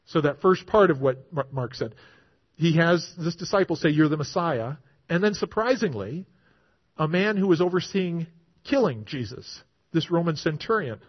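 Husky, lively male preacher. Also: on the high side. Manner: lively, often asks "right?". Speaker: pastor. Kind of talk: sermon. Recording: dull, lo-fi recording.

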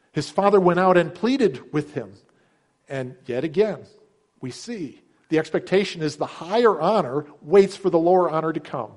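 A middle-aged man preaching a sermon, earnest and emphatic, acting out the characters' words with a lifted voice. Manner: earnest, emphatic, acts out quotes with raised pitch. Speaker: pastor.

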